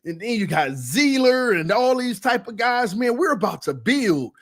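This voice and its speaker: High-voiced man ranting on a fan livestream. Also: moderate pace. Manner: emotional, animated and confessional; casual, repeats himself for emphasis. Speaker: sports fan show host.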